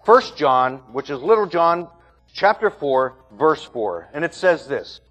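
Emphatic pastor preaching a sermon. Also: male voice, fairly high pitch, very animated, a little slow, fairly bright tone, soft background music. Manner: emphatic preaching with repeated phrases.

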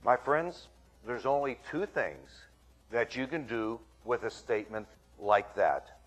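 A man's voice: mid-range voice, expressive, measured pace, faint music behind. A man preaching a sermon, walking through scripture and dramatically acting out what the crowd is thinking. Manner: dramatic, acts out the crowd's voices.

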